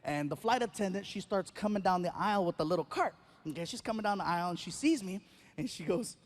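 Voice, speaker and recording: A middle-aged man performing stand-up on a theater stage, telling a story with lively acted-out voices and loud yelps. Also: quick pace. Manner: animated, acts out characters with loud high yelps. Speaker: stand-up comedian.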